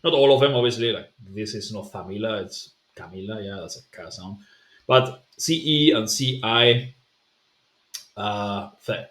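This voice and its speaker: A man's voice: on the low side, a little slow, fairly bright tone. Man coaching pronunciation in an echoey room. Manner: explanatory, repeats sounds to demonstrate, many fillers. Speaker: language coach. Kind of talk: pronunciation lesson. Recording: roomy echo.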